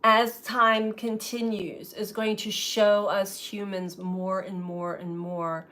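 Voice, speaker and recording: Woman tarot reader, unhurried, musing, laughs a lot, medium pitch. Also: little pitch movement, fairly bright tone. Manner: slow, musing, laughs often. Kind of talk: spiritual reflection to camera.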